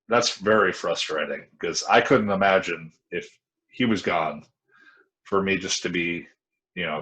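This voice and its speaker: Man, very low voice, frank, rambling, casual interview guest. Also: fairly bright tone, low-quality recording. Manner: frank, rambling storytelling with many restarts. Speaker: interview guest, former pro wrestler.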